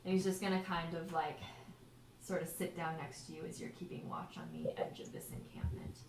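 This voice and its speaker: Woman game master, casual narration, lowish voice, echoey room, noisy background. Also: fairly even intonation, brisk. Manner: casual, chatty, many fillers.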